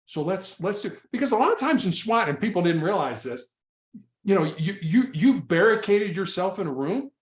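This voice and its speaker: A man with a fairly high voice tells stories from his old work. He speaks earnestly and often stumbles into restarts. The room around him has a noticeable echo. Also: sing-song, moderate pace. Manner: repeats and restarts words, earnest. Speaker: former SWAT hostage negotiator, guest. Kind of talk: casual interview storytelling.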